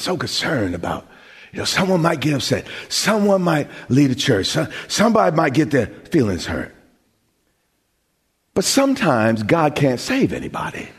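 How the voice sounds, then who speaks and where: A man preaching a sermon as pastor, with dramatic pauses, rising emphasis and questions thrown out to the congregation. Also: medium pitch, breathy edge. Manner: call-and-response questions to the congregation.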